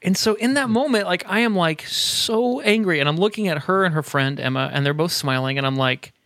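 Animated man telling a story, slightly high voice. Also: dry recording, studio quality. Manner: animated storyteller, quick bursts and laughter. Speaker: podcast co-host. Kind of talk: casual chat. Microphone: headset earbuds at a desk.

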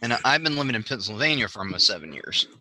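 A Southern man co-hosts a casual wrestling podcast, rambling and tripping over repeated words. His voice is very bright and forward. The recording is dry and close. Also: on the low side, sing-song, racing, no echo. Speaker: podcast co-host. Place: Pennsylvania.

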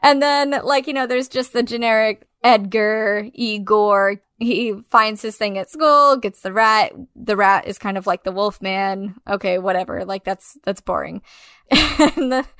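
A woman's voice: mid-range voice, measured pace, fairly bright tone, smooth, no room sound, clean studio sound. A woman co-hosting a casual film review chat, blunt and sarcastic, swearing often. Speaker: podcast co-host.

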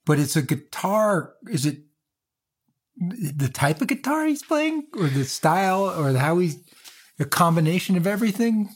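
A man's voice: high voice, sing-song, measured pace. A man hosting an interview, asking curious, probing questions and rephrasing them as he goes. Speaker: interview host.

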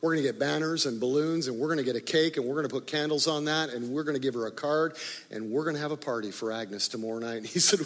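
A male pastor telling a story in a sermon, animated in the story and quiet and low in the prayer. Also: fast. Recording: long reverb of a large hall.

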